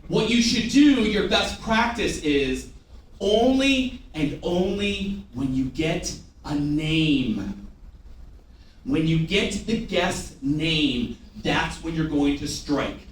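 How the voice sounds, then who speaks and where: A man's voice: on the high side, slow pace. A man giving a live sales training to a room of staff, joking and drilling them with call-and-response. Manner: animated, jokey, drills the audience with call-and-response. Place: large room with a live audience. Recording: echoey room, picked up from a distance.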